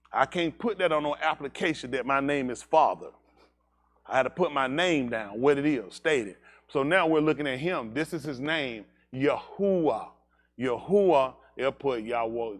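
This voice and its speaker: Emphatic man preaching a teaching sermon. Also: medium pitch. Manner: emphatic, asks the room many rhetorical questions. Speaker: teacher leading a congregation. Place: synagogue service.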